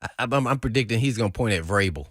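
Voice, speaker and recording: A man's voice: mid-range voice, quick pace, no echo. A man with a drawl talks football on a studio mic, voice leaping up and down as he acts out coaches and teammates. He laughs easily and tells stories with gusto. The sound is close and dry, with no room in it. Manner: animated storyteller, laughs often, acts out quotes. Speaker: sports radio co-host, former NFL player. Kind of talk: casual sports talk. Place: radio studio.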